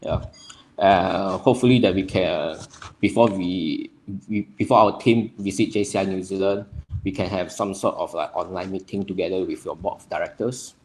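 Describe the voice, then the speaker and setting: A young man from Nepal, hosting a livestream and greeting viewers by name in a friendly, halting way full of fillers. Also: deep voice, fairly even intonation, darkish tone, slight background noise. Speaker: livestream host.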